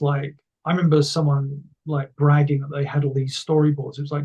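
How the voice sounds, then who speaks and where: A man's voice: fairly high pitch, flat delivery, quick pace, few pauses, a little mellow. A man being interviewed, telling stories in a rambling, enthusiastic way with many restarts. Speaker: interview guest. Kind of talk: casual conversation.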